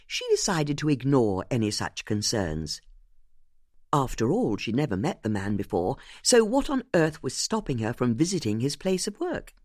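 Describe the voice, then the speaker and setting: Expressive audiobook narrator, close and dry. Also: medium pitch, no echo.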